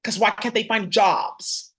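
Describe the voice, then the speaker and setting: A woman's voice: mid-range voice, unhurried, fairly bright tone. A woman vlogging straight to camera in a heated, profane, confrontational rant.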